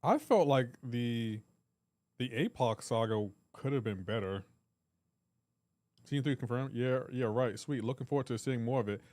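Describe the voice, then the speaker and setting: A man's voice: mid-range voice, moderate pace, darkish tone, dry recording. Male streamer, casual and joking, reading chat aloud on a live stream, dry close sound, mid-range voice.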